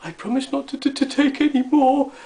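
A man's voice: steady tone, brisk, gravelly, warm tone, echoey room. A man doing a tiny stammering gnome. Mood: tearful pleading. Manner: stammering, pleading, high and small. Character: naughty little male gnome, tearful and meek.

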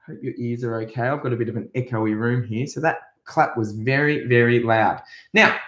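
Chatty Australian music teacher, echoey room. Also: male voice, mid-range voice, fairly even intonation, a bit bright. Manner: chatty, playful, sings and leads actions slowly. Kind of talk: remote music lesson for young children.

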